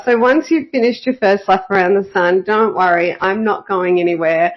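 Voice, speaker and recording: A woman talks through her podcast in a relaxed, coaching way, checking in with little "okay?" and "yeah?" tags as she goes. Her pitch sits in a middling range for a woman. The recording sounds a little muffled and lo-fi. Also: moderate pace, hardly any pauses. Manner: chatty, encouraging, frequent "okay?" and "yeah?" tags. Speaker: podcast host and bookkeeping coach. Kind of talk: casual solo podcast talk.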